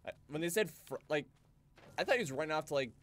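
A male streamer commentating his gameplay in casual, excitable chat. His pitch swings widely as he jokes and curses, with faint noise in the background. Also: quick pace. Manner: excitable, profane, jokey. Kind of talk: casual gaming livestream commentary.

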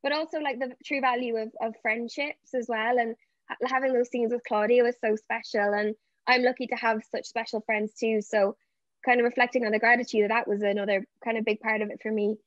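A woman's voice: fairly high pitch, steady tone, fairly quick, no room sound. A woman being interviewed as an actress over a video call, answering fluently and reflectively. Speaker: actress guest. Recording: dull lo-fi, dry.

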